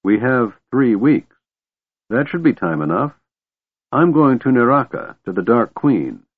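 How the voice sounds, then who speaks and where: A man voicing a resolute half-elf leader who speaks calmly and coldly, in a tinny audiobook recording. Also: mid-range voice, a little slow, breathy edge, voice pushed up. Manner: calm and cold.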